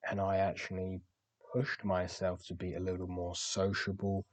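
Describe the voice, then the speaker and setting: A young man talking candidly about his week in a self-reflective diary-style monologue, pausing on his words now and then. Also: low voice, darkish tone, no echo. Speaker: podcast host.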